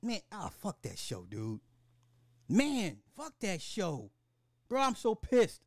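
A man hosting a podcast in casual chat, animated and slangy, with lots of restarts and swearing. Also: high-pitched, takes it slowly, no echo, clean studio sound. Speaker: podcast host.

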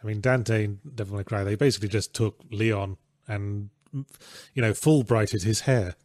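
A man's voice: fairly low pitch, normal speed, a little mellow, dry recording, clean studio sound. A man co-hosting a casual podcast, reading out donations with blunt, sweary, sardonic remarks. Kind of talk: casual chat.

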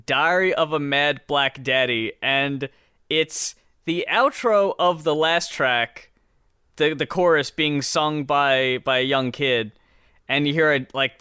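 A man's voice: mid-range voice, pushed and bright, clear, resonant tone, no echo, studio quality. A man who is a guest on a casual podcast, speaking in a laid-back way and retelling songs scene by scene.

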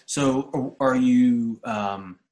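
A man's voice: medium pitch, extremely slow, a little mellow. A man hosting a casual podcast interview, asking friendly questions and affirming often. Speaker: podcast host.

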